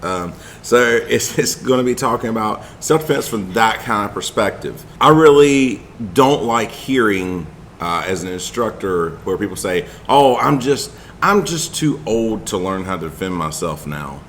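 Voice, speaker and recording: Lively, bright-toned man instructor. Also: on the low side, a little slow, slight background noise. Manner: easygoing, laughs often, with restarts. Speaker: self-defense instructor and podcast host. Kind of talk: casual podcast chat.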